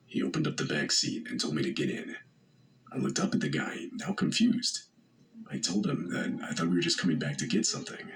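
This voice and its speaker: A man narrating a first-person horror story in a steady, measured way. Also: extremely low pitch, slight background noise, rough recording. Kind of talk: scripted narration.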